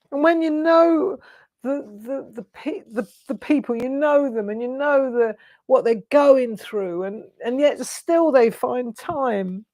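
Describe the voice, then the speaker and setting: A woman's voice: high-pitched, warm tone, no room sound. A woman in her sixties hosting a craft show, chatty and effusive, gushing over viewers' artwork with storytelling asides. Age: 60s.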